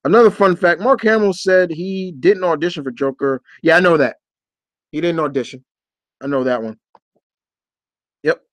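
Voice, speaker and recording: A man's voice: fairly high pitch, moderate pace, long pauses, dry recording. A man hosting a casual live-stream Q&A, talking in a rambling, chatty way with lots of fillers and restarts. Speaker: host of a live Q&A.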